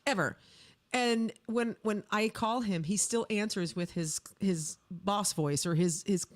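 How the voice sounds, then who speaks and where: A woman's voice: mid-range voice, unhurried. A woman co-hosting a podcast, chatting casually and laughing a lot. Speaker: podcast co-host. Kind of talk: casual chat.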